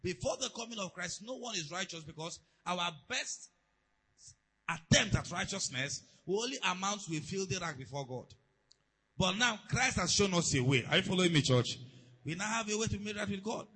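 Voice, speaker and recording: A man preaching a sermon to a church, calling out questions and leading the congregation in shouted declarations. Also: sits high, expressive, a little fast, slightly rough, poor audio. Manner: call-and-response, building to shouted declarations.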